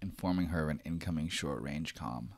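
A man's voice: very deep voice, fairly quick, no echo, clean studio sound. A man narrating as game master of a tabletop role-playing game, telling the scene expressively.

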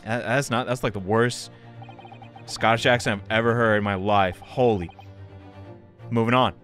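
A man hosting a let's play, reading game dialogue and reacting in an animated, excitable way. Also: lowish voice, moderate pace, pauses often, soft background music.

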